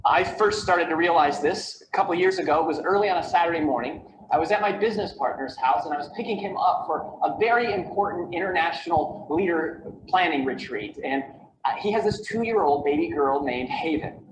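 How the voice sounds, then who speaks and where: A man with a high voice delivers a motivational keynote, building his points through stories, rhetorical questions and repeated lists. His voice is played from a video over a call, so it sounds echoey with a steady hum of background noise. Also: fairly quick. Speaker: keynote speaker on time management.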